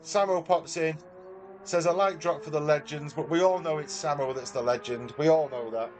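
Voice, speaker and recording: A Manchester man with a Mancunian accent chats casually with viewers on a live stream, reading out their messages like a mate. His voice sits fairly high and a little mellow, at normal speed, with faint music in the background.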